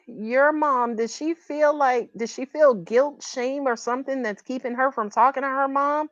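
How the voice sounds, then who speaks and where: During a livestreamed tarot reading, a woman with a high voice speaks at normal speed, barely pausing, with no room sound. The dull lo-fi audio carries her growing emotion as she keeps seeking confirmation from viewers.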